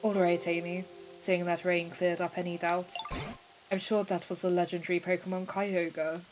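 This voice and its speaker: A woman's voice: fairly low pitch, little pitch movement, normal speed, music in the background, lightly acted. A woman plainly reading the lines of a friendly video game character in a matter-of-fact tone. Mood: explaining.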